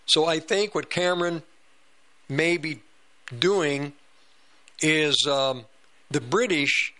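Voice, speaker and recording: Slow, bright-voiced man on political radio. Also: fairly high pitch. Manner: rambling, repeats himself. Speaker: radio show host. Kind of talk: political commentary monologue.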